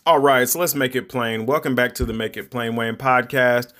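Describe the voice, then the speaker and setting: A man's voice: medium pitch, fairly even intonation, moderate pace, fairly bright tone. Rambling man hosting an advice podcast. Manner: rambling, conversational, preachy advice. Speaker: podcast host. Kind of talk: casual monologue podcast.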